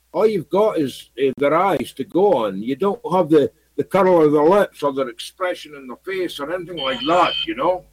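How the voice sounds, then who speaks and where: A man's voice: fairly high pitch, darkish tone, breathy edge, no room sound, rough recording. A man from Scotland talking to his viewers in a rambling, repetitive monologue full of fillers. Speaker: video blogger. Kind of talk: casual monologue to camera.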